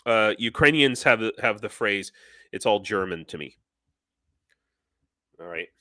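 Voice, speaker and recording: A middle-aged man hosting a live stream, talking casually and in an animated, rambling way with many fillers and restarts. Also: fairly low pitch, measured pace.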